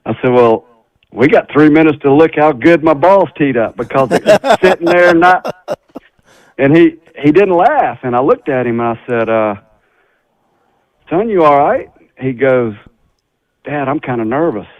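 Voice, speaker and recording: A middle-aged man, a former tour golfer, telling a folksy, animated story as a guest on a radio talk show. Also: a little high, unhurried, long pauses, no echo. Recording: slightly dull radio sound.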